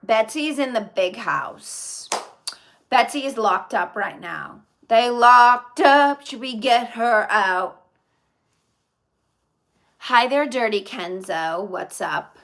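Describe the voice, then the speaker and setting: A woman's voice: on the high side, slow, fairly bright tone. A woman live streaming in casual chat, reading viewer comments aloud and answering them in a chatty way.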